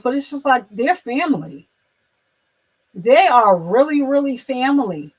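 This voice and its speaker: A woman chatting casually on a livestream, rambling with many fillers and restarts, turning soft and emotional as she speaks of loss. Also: high voice, expressive, normal speed, rough recording. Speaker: livestream host.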